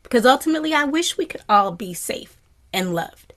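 Woman meditation teacher, gentle and reflective, often hushed to a whisper, lively on happy asides. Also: on the high side, a little fast. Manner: animated when voicing happy quotes. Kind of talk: dharma talk to a class.

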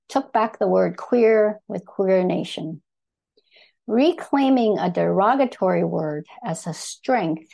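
Brief: older woman from Thailand, measured read-aloud to a live audience, gravelly edge. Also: mid-range voice, mellow. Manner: measured, deliberate reading with small self-corrections. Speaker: speaker reading a personal essay.

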